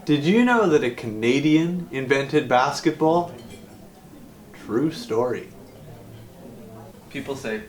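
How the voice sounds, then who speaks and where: In a scripted English lesson for learners, a man lays out grammar in a clear, deliberate way, speaking at medium pitch with an expressive voice.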